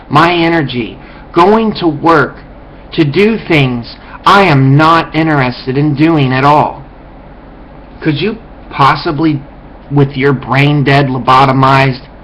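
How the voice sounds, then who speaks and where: A man's voice: mid-range voice, fairly bright tone, a little hiss or hum, rough recording. A man delivering a profane, contemptuous ranting monologue as a vlogger, lecturing his viewers.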